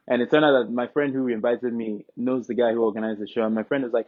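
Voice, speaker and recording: A young man from Nigeria, telling stories as an interview guest in a relaxed, joking way. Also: mid-range voice, rapid-fire, few pauses. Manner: relaxed, joking, breaks into quoted dialogue. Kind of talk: casual interview storytelling. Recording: tinny phone-like line.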